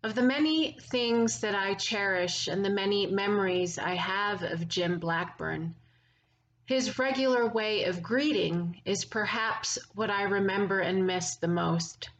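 A woman priest giving a gentle, reflective memorial sermon with lingering pauses. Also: medium pitch, low-quality recording.

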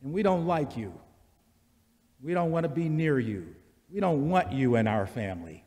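A man preaching a sermon in a church, slow and deliberate, building repeated litanies that rise in intensity. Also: a little high, very animated, dark tone. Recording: long church reverb.

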